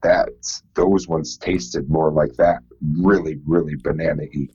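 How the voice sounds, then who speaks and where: A man's voice: rumbling low, steady tone, slow pace, a little mellow, husky, dull audio. A man guest on a podcast, chatting casually and agreeing along. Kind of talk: casual chat.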